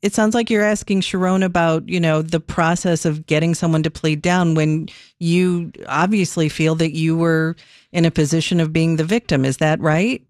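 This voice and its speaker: A radio host taking listener calls, speaking in a gentle, measured way with some fillers. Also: medium pitch, steady tone, dry recording, studio quality. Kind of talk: call-in radio hosting.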